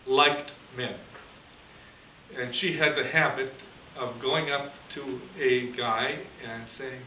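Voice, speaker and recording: A man's voice: medium pitch, steady tone, slow. A priest telling a story in a homily, chatty and chuckling as he goes. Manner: conversational, chuckles often. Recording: distant echoey lo-fi room recording with hiss.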